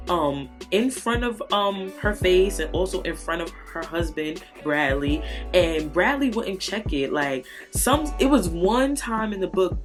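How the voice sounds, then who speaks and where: Brief: plain-spoken woman, lowish voice, chatty book review over faint guitar. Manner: candid, profane, animated retelling. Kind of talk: casual book review chat.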